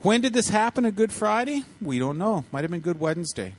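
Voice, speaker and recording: A man gives a sermon to children in a lively storytelling voice that sits a little high. He repeats words and acts out the quotes as he goes. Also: a little fast. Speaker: pastor speaking to children.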